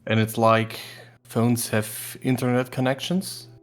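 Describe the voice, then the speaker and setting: A man playing a tabletop game, asking unhurried, tentative questions. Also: mid-range voice, flat delivery. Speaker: player.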